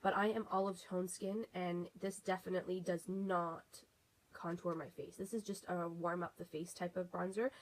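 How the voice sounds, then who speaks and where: A woman's voice: lowish voice, steady tone, moderate pace, rough recording. A young woman with a congested, stuffy voice from a cold, reviewing beauty products in a chatty vlog full of ums and restarts. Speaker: beauty vlogger.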